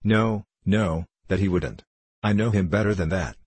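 A man's voice: deep voice, unhurried, darkish tone, breathy edge, no room sound. A man voicing an earnest, loyal young errand boy in a storybook reading.

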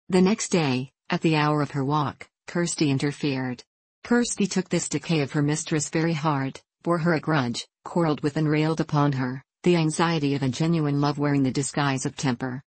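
A woman reading a classic novel aloud as an audiobook narrator, in measured, even storytelling. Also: sits low, no echo.

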